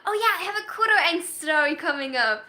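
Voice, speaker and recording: A woman livestreaming as a story writer, chatting casually with her viewers in an animated way and laughing often. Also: extremely high pitch, brisk. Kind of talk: casual livestream chat, reacting to viewers' messages.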